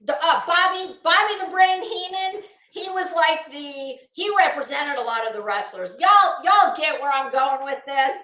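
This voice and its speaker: High bright lady rambling slowly on a home livestream, echoey room, swears a lot. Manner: chatty, profane, greets viewers by name. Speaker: livestream host. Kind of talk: casual live chat.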